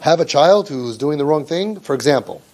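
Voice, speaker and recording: Running a parent training group, this man speaks sarcastically and imitates kids and parents in exaggerated voices. His voice sits on the high side with lively intonation, a normal speed, and a slightly mellow quality.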